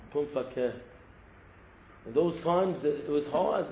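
A gravelly-voiced man delivers an impassioned sermon, exhorting his listeners and circling back to a repeated address. His voice sits a little high, with a rough, fried edge. The recording is roomy and dull, with faint noise underneath. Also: measured pace, mellow. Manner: exhorting, repeats a refrain of address, mixes Hebrew terms. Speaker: rabbi giving a Torah talk.

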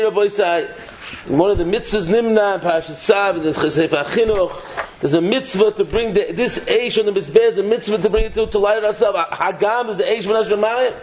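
A man teaching an animated Torah shiur, repeating words as he builds each point and mixing English with Hebrew and Yiddish terms. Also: sits high. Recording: echoey, dull, faint noise.

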